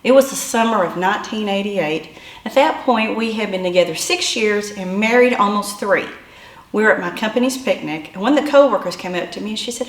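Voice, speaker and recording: A woman telling a personal story in an animated way, building to yelps and shouts. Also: medium pitch, a little fast, roomy sound.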